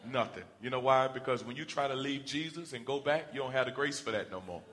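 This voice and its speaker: Man preaching a sermon, animated, acts out Bible characters, bright forceful tone. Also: mid-range voice, fast talker.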